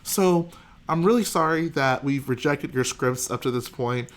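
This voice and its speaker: A man's voice: medium pitch, normal speed, lightly acted. A man doing a light impression of a woman studio executive, sweetly apologetic and patronizing. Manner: overly sweet, falsely apologetic.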